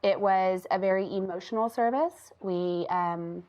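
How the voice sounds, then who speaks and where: A woman's voice: medium pitch, unhurried, a little mellow. A middle-aged woman, co-hosting a casual chat and laughing often. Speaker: co-host. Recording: dull lo-fi sound.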